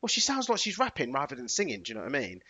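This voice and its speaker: A man co-hosting a podcast, telling stories in a playful, animated way. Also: medium pitch, very fast, over a noisy crowd. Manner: animated, playful, bursts into sung and put-on voices. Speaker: podcast co-host. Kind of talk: casual chat.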